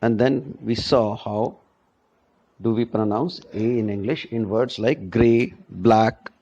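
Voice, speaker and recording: A man teaching a spoken English lesson, speaking deliberately and often checking in with "right?". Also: on the low side, fairly even intonation, mellow, highs cut off, a little hiss or hum. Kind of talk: classroom lecture.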